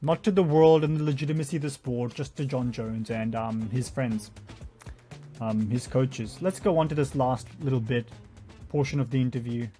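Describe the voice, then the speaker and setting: A man's voice: medium pitch, fairly even intonation, moderate pace, mellow, soft background music. A man giving a profane, mocking commentary rant over interview clips. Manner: mocking, profane, does sarcastic impressions. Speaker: YouTube commentator.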